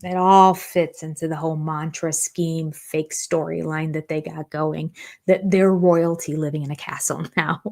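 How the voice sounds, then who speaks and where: A woman's voice: low-pitched, steady tone, a little slow, darkish tone. An older woman hosting a live chat about reality TV, talking casually and sarcastically and laughing often. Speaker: reality TV review host. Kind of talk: live-stream chat with viewers.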